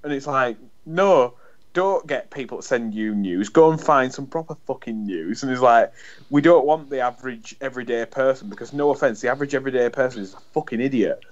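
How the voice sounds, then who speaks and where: A man's voice: medium pitch, brisk. A man, co-hosting a podcast in rambling, sweary casual chat full of restarts. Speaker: podcast co-host. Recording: dull lo-fi sound.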